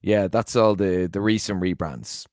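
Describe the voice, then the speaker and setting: A very deep-voiced man talks football on a podcast in a smooth, resonant tone. He weighs his views calmly, often pausing with "you know". The recording is close and dry. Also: no room sound. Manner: measured, with fillers like "you know". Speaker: podcast co-host. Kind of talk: casual podcast chat.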